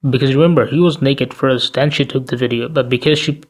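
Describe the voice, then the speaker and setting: A man's voice: mid-range voice, fairly even intonation, a little fast. A tired, sleepy man giving blunt, profane commentary and firing off rhetorical questions in a ranting vlog. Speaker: commentary vlogger.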